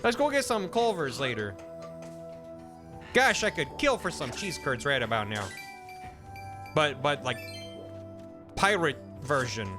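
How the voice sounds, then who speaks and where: A man's voice: on the high side, sing-song, unhurried, long pauses, over music. A man streaming a video game, making joking, sarcastic asides and swearing at the game. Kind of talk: casual gameplay commentary.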